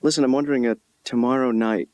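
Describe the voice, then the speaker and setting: A man voicing a dry, awkward young adult son who talks in a halting deadpan. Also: mid-range voice, dry recording, lightly acted. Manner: hesitant, halting deadpan delivery. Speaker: therapist's son.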